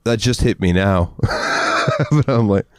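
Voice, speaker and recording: A very low-voiced man chatting on a podcast, loose and rambling, with easy laughs and casual swearing. His voice sits close and dry, with almost no room around it. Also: measured pace, darkish tone, no room sound. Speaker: podcast co-host.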